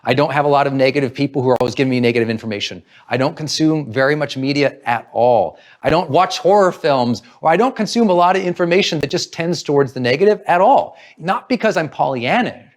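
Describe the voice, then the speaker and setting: A man giving an earnest motivational talk, coaching listeners and acting out their inner voices. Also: a little high. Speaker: motivational speaker.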